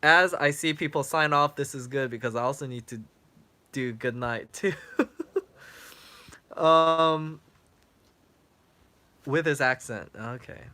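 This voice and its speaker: A man's voice: a little high, slow, long pauses, bright, forceful tone. A young man, a travel vlogger, chatting casually on a livestream, answering viewer questions with lots of fillers, and his voice is getting worn out. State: losing his voice, clearing throat. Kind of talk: casual live-stream chat.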